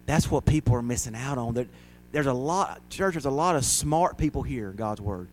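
A man preaching in church in a folksy, homespun way, talking to the congregation like neighbors. He has a mid-range voice and climbs into loud, high, dramatic shouting when he retells a story. His tone moves between quiet and booming. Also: lively intonation, moderate pace, hardly any pauses, slight background noise. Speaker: pastor. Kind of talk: sermon.

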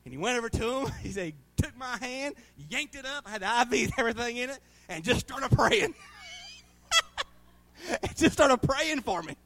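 A man's voice: very high voice, expressive, moderate pace. A man, preaching a sermon as pastor, telling folksy stories and laughing often. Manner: folksy storytelling, laughing often, rising to loud bursts.

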